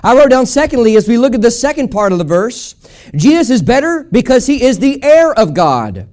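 A man's voice: extremely high pitch, very animated, fairly quick, a little mellow. A man preaching a sermon at a church service. He builds emphatic, rhythmic repetitions and calls on the congregation to answer. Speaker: pastor.

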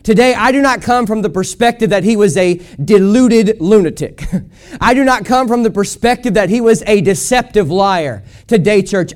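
High-voiced man preaching emphatically. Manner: emphatic, rhythmic repetition, calls on the congregation. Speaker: pastor. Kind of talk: preached sermon. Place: church service.

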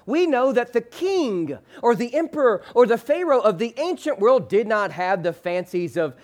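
A very animated male pastor preaches a sermon in a church sanctuary with a screen behind him. He leads the congregation in call-and-response, slows hard on the key phrase, and lets his phrase endings fall low and soft.

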